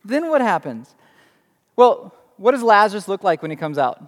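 A man's voice: sits high, sing-song, moderate pace. A young adult man preaching a sermon, telling the story dramatically with emphatic rhetorical questions. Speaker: pastor. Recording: long reverb in a large hall.

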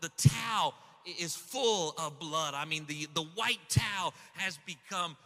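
A middle-aged man preaching a sermon, telling a story with lots of excitement and stumbling repeats as he starts sentences. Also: on the high side, a little slow. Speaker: pastor. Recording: long hall reverb.

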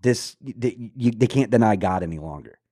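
A man's voice: on the low side, lively intonation, brisk, dark tone, no room sound. Earnest man in a dry podcast chat. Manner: earnest, conversational, with filler words. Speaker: podcast co-host. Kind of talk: casual chat.

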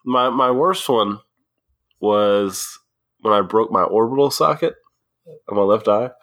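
A man's voice: fairly low pitch, a little slow, a bit bright, no room sound. A man co-hosting a podcast in casual chat, telling stories and tossing in dry quips. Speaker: podcast co-host.

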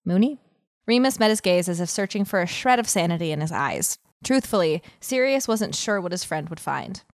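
A woman's voice: on the low side, lively intonation, a little fast, dry recording, studio quality. A woman reading a story aloud as a podcast host, breaking off into giggly, chatty asides.

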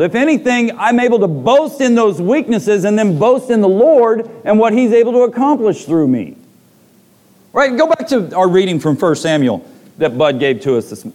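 A man's voice: high-pitched, darkish tone. A man preaching a sermon to a congregation, reading scripture and retelling stories with dramatic voiced quotes.

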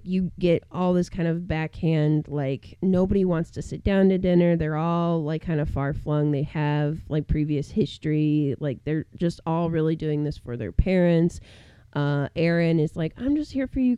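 A woman's voice: sits low, clean tone, no room sound, lo-fi sound. A woman podcast co-host casually recapping a horror film, full of "like" fillers and acting out the characters' lines. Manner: animated storyteller who acts out characters in quotes, many "like" fillers.

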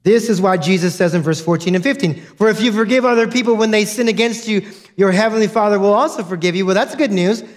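A man's voice: high voice, quick pace. A man preaching a sermon as a pastor, earnest and direct, repeating key points to his congregation.

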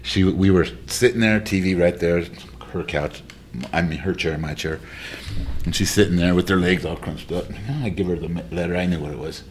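A man's voice: sits low, moderate pace, slight background noise. A man on a casual workplace podcast telling a rambling, jokey anecdote. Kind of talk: casual chat.

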